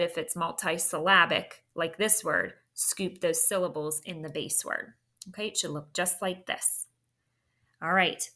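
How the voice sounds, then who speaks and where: Woman teacher, slow spelling dictation, low voice, bright tone.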